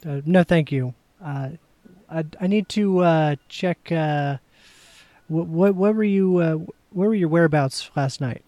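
A man playing a police officer in a tabletop game, asking halting questions. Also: fairly high pitch, warm tone, dry recording. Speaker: player.

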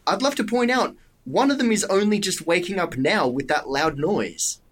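Lively man running a tabletop game. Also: normal speed. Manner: animated, laughing, jumping up in pitch when excited. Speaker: game master.

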